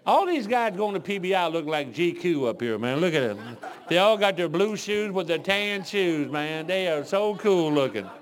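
A man's voice: sits high, very animated, normal speed, hardly any pauses. A man in his sixties from Detroit, preaching a folksy sermon full of rambling, joking stories. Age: 60s.

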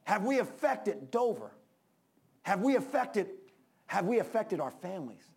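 An older man preaching a sermon to his congregation, impassioned, rising to urgent peaks and dropping low. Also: big pitch swings, measured pace, gravelly, darkish tone, husky. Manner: impassioned preaching, rises then drops low. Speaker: pastor.

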